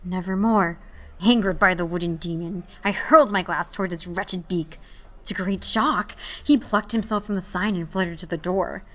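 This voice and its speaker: A young woman narrating a short story in an emotive dramatic reading, moving between hushed and raised passages. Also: on the low side, normal speed.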